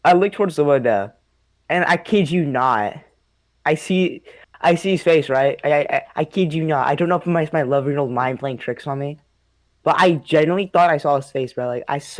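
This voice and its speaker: This young man, the host, has a slightly high voice and a brisk delivery, captured dry. Laughing often and cursing plenty, he wanders casually through a creepy story from when he was a kid.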